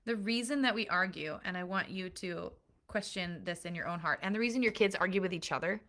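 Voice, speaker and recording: A woman's voice: on the low side, brisk, a bit bright. A woman parenting coach giving an earnest, emphatic recorded lesson built on analogies.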